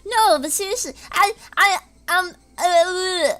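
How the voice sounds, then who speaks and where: A woman's voice: extremely high pitch, slow pace, a bit bright. A woman streaming casually from home, rambling in an erratic way and breaking into screams and laughs. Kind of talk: casual live-stream chat.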